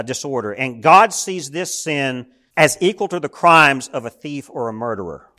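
A man's voice: on the high side, pushed and bright. A male pastor preaching a sermon in a church, telling stories and calling out to the congregation. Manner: storytelling, calls out to the congregation.

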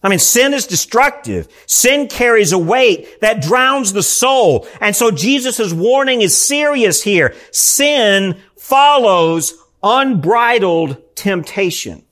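Pastor, male, high voice, earnest sermon delivery with frequent restarts. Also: animated, slow pace, hardly any pauses, fairly bright tone. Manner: earnest preaching, frequent "I mean" fillers and restarts.

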